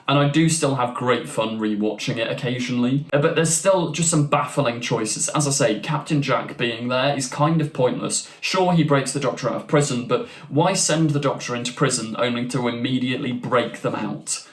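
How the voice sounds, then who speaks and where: A man's voice: mid-range voice, normal speed. A young man hosting a casual ranking video. He talks in a chatty, enthusiastic way, with restarts and asides. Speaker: YouTube channel host. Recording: roomy echo.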